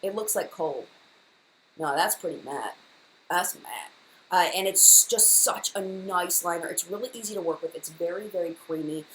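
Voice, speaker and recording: A woman's voice: fairly low pitch, normal speed, slight background noise, low-quality recording. A woman hosting a casual live-stream makeup chat, gushing and enthusiastic, often repeating herself. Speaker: beauty vlogger, live chat host.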